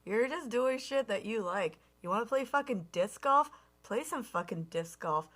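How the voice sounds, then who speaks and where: A woman in her thirties co-hosting a comedy podcast. She riffs in a sarcastic, profane, deadpan way. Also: on the high side, normal speed. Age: 30s. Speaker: podcast co-host. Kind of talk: casual comedic chat.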